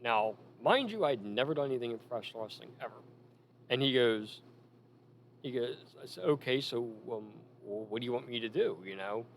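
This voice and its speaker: A man telling stories casually about managing in wrestling, animated and full of quoted lines. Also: medium pitch, fairly quick, a little hiss or hum. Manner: animated anecdotes with acted quotes. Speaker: former wrestling manager, guest. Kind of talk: casual storytelling.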